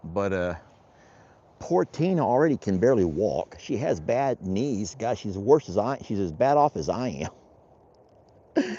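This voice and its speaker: Man, rancher vlogger, folksy and rambling, lively pitch, dull lo-fi outdoor audio. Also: unhurried, long pauses, breathy edge. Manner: folksy, rambling, talks to his animals. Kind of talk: casual vlog narration while doing chores.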